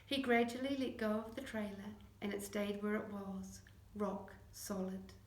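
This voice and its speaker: A woman narrating a children's chapter book, acting out the dialogue in lively voices. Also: mid-range voice, unhurried. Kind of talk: audiobook reading. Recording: echoey room.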